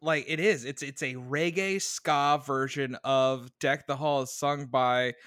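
A man's voice: a little high, a bit bright, clean tone, no echo, clean studio sound. A man co-hosting a casual chat, laughing often and rambling through his stories. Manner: laughs a lot, rambling with restarts and fillers. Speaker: podcast co-host.

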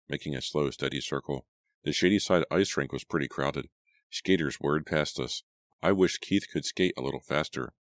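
Very deep-voiced male audiobook narrator. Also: no room sound, studio quality.

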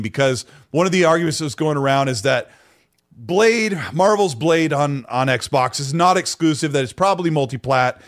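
A man co-hosting a gaming podcast, with a speaking voice that sits a little high. He keeps a laid-back, agreeable tone and reads out messages from the chat. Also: lively intonation, normal speed. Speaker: podcast co-host. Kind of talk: casual chat.

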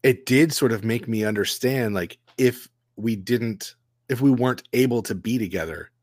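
A man's voice: mid-range voice, moderate pace, darkish tone, no room sound, studio quality. A man talking as a guest in a casual film discussion, thoughtful and rambling with many fillers. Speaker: guest writer and director.

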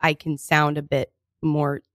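A woman's voice: sits low, monotone, unhurried, no room sound. A woman from Texas, a guest comedian on a podcast, talking in a playful, giggly way in a radio studio. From Texas, outside Houston. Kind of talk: casual podcast chat.

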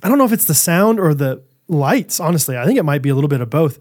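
A man in his thirties co-hosting a podcast, telling family stories in a casual, animated way with frequent laughter. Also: fairly high pitch, fast. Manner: animated storyteller, laughs often. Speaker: podcast co-host. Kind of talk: casual chat.

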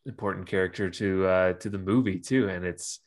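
A man's voice: deep voice, brisk. A man co-hosting a podcast in casual chat, laid-back and hesitant with many fillers. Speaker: podcast co-host.

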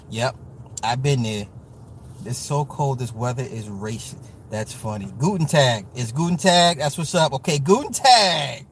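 A man from the US Midwest hosting a casual livestream, talking to chat with profane, joking, animated rants. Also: mid-range voice, a little hiss or hum. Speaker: livestream host reading chat.

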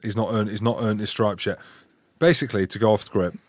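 Man, low voice, boisterous, teasing, podcast host, dry studio sound. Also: fairly even intonation, a little fast, dry recording. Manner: boisterous, teasing, laughs often. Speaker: podcast host and former rugby player. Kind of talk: banter-filled casual chat.

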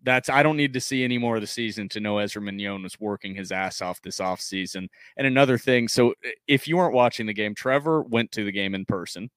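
Low-voiced male podcast host reading stats. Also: clear, resonant tone, no room sound, studio quality. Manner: reads box-score stats in a steady, measured recap. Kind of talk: casual sports podcast chat.

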